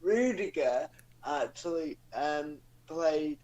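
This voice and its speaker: A man co-hosting a casual football chat show, hesitant with many pauses and blunt opinions. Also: a little high, expressive, darkish tone, low-quality recording. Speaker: podcast co-host.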